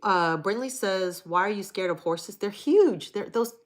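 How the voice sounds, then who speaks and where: A woman's voice: mid-range voice, lively intonation, measured pace. A middle-aged woman hosting a casual livestream, chatting frankly and with profanity while reading viewer comments aloud. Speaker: livestream host.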